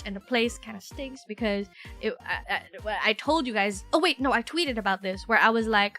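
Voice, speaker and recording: A high, bright young woman talks fast in a rambling, animated stream chat, often cutting herself off mid-sentence. Her voice is a touch rough from a recent illness. Faint music plays underneath. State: recovering from illness, voice sounds rough. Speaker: VTuber streamer. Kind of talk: casual chat with viewers.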